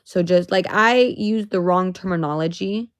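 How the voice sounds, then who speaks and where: A woman's voice: fairly low pitch, moderate pace, clear, resonant tone, no room sound. Emotional young woman venting on a livestream. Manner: emotional, swearing, rising to exasperated outbursts. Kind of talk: casual livestream chat.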